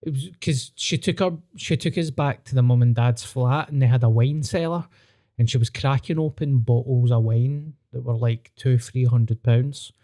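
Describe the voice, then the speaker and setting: Glasgow guy hosting a podcast, dark mellow voice, casual and sweary. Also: mid-range voice, moderate pace. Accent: Scottish, Glaswegian. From Scotland. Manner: candid, swearing, storytelling. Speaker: podcast host. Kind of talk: casual chat.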